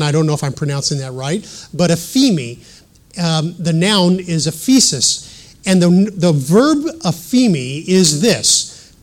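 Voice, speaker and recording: A middle-aged man preaching a sermon in an earnest teaching manner, reading scripture aloud and adding self-deprecating asides. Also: on the high side.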